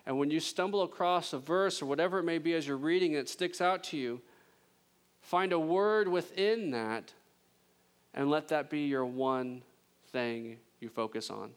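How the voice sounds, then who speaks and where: A man's voice: on the high side, normal speed, clean tone. Emphatic male pastor preaching. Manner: emphatic, swings from loud intensity to hushed; conversational with jokes and laughter. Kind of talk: sermon.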